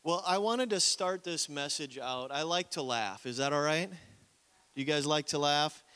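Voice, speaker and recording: A man's voice: fairly high pitch, expressive, a little slow, pushed and bright, smooth. A man from Minnesota, an evangelist preaching a sermon in a conversational way, often calling out for amens. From Minnesota, USA. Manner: conversational preaching with frequent call-outs for amen.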